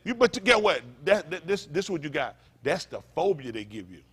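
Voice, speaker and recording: Pastor guy preaching hard, high voice, blunt and cussing, lots of call and response. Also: big pitch swings, brisk, breathy edge. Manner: impassioned, blunt and profane, with call-and-response asides. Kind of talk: fiery sermon.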